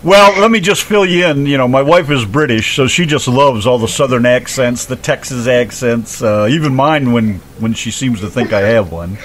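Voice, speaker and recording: A man's voice: mid-range voice, moderate pace, hardly any pauses, a bit bright. A man co-hosting a casual interview show, teasing and playful with his guest. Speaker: co-host. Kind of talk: casual radio-style chat.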